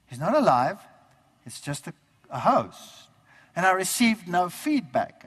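Man preacher, high voice, lively storyteller who acts out the dialogue; long hall reverb. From Germany. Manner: animated storytelling, acting out remembered dialogue. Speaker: preacher giving his testimony. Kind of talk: storytelling sermon testimony.

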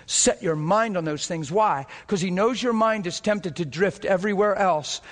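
A man preaches from the pulpit with a high, ringing voice. He drives his points home in rapid bursts that swell toward near-shouting peaks. The sound carries the air of a church sanctuary. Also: in a large hall. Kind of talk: sermon.

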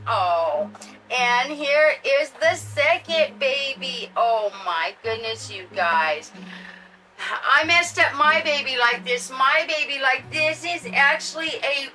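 An older woman hosts a casual unboxing vlog, gushing and chatty as she talks to her viewers. Her voice sits high and she takes her time. She sounds a little far from the mic, with soft music underneath. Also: lively intonation, takes it slowly. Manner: gushing, chatty, addresses viewers as you guys. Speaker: doll channel host.

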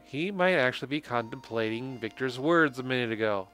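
A man's voice: mid-range voice, animated, a little fast, a bit bright, soft background music. A man narrating a game playthrough in casual commentary, with joking, sarcastic asides and frequent laughter. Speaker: let's play commentator.

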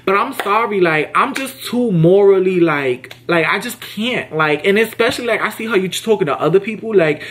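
A young man telling a casual storytime to camera, slangy and emphatic, often jumping his pitch up high to act out what people said. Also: brisk, few pauses. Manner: animated, slangy and emphatic, acts out quotes with big pitch jumps. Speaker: vlogger.

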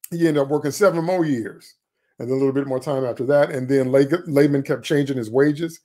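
A man preaching a sermon, retelling a scripture story in a folksy, conversational way and jumping up in pitch when voicing the characters. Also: steady tone, fairly quick, dark tone.

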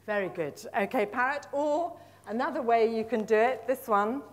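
A middle-aged woman leading a live teacher-training workshop in a conference room, lively and encouraging, praising the audience and drawing out words slowly as she repeats them. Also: a little high, a little hiss or hum. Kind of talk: live workshop demonstration of storytelling with flashcards.

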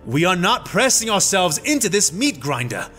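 A man voicing a calm male Jedi master who pleads for reason, in a storybook reading. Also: high voice, normal speed, faint music behind, exaggerated voice. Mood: pleading.

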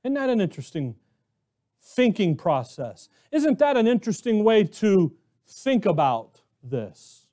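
A man's voice: high voice, very animated, a little slow, dark tone. A man preaching a sermon as pastor, emphatic, asking rhetorical questions and repeating phrases as he builds his point. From Arizona, US.

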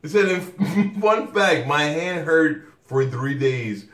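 A man's voice: a little high, animated, slow, fairly bright tone, echoey room, recorded from a distance. A man hosting a reaction video, talking loosely and profanely and laughing a lot. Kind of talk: casual reaction commentary.

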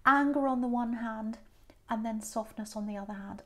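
A woman's voice: a little high, normal speed. A woman giving a tarot reading who muses aloud, repeats phrases and often restarts. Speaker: tarot reader.

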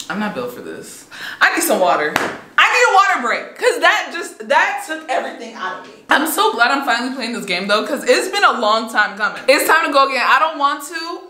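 A young woman streams a horror game, exclaiming and coaching herself through every scare. Her voice sits a bit high and swings widely in pitch. The room echoes, with game music running behind her. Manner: jumpy, exclaiming, self-talk, laughing nervously. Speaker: gaming streamer. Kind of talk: frightened live gameplay commentary. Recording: roomy echo.

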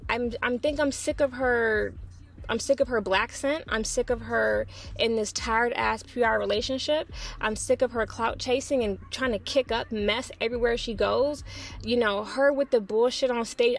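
Blunt, gravelly woman ranting. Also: a little high, a little slow, slight background noise. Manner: blunt, profane and exasperated. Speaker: pop culture commentator. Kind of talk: opinionated solo commentary.

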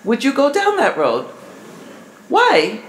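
A woman giving a live seminar talk to an audience, measured and asking the crowd questions. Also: fairly high pitch, huge pitch swings. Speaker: family seminar presenter. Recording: echoey hall with faint room noise.

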